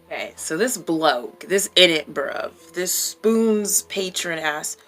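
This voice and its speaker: Woman vlogger, casual and outspoken, crisp bright voice, curses for emphasis. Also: lowish voice, lively intonation, takes it slowly, soft background music. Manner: blunt, profane, emphatic. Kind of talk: casual chat.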